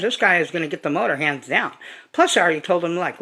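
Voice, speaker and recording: A man's voice: fairly high pitch, lively intonation, fast talker, pushed and bright. A man vlogging casually to his viewers in a rambling, profane, emphatic way. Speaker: hobby vlogger. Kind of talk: casual chat to camera.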